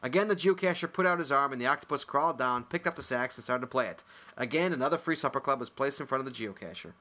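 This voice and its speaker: A man's voice: medium pitch, expressive, quick pace, bright, forceful tone. A man co-hosting a casual podcast, reading listener emails aloud, joking, laughing often and swearing casually. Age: adult with a son. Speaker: podcast co-host.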